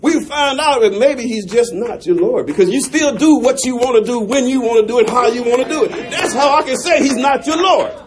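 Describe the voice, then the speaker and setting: High-voiced man preaching a sermon. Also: brisk, hardly any pauses, a faint crowd, slight background noise. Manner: preaching with rising shouts and chuckles. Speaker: pastor.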